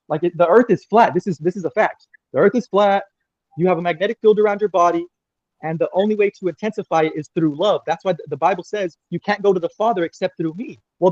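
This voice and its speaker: A man's voice: high-pitched, a little mellow, no room sound, muffled recording. A man guest on a livestream, talking in a rambling, agitated and profane way, repeating himself as he speaks. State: crying. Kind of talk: emotional livestream interview.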